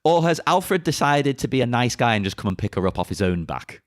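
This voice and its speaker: A man's voice: medium pitch, sing-song, fairly quick, dry recording, studio quality. A man co-hosting a casual film podcast, chatting with a laugh and asking the guests questions. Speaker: podcast co-host. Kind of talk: casual film-discussion chat.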